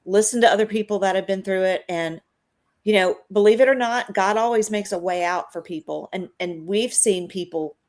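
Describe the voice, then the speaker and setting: A woman in her fifties, with a medium-pitched, slightly mellow voice and a moderate pace, appears as a guest on a live video call. In this casual interview chat she speaks earnestly and persuasively, with a preachy edge.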